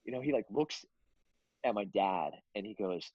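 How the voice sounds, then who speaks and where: A man's voice: lowish voice, expressive, normal speed, a little mellow, no echo, lo-fi sound. A middle-aged man from California telling long family stories in a casual interview, rambling with many fillers and restarts. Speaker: guest.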